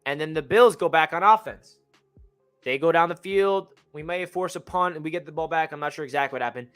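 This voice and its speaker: A young man hosts a fan channel game recap, talking fast and excitedly, often circling back to correct details. His voice sits high and sounds bright and forceful. Faint music plays underneath. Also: smooth. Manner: energetic, rambling, self-correcting. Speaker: sports fan channel host.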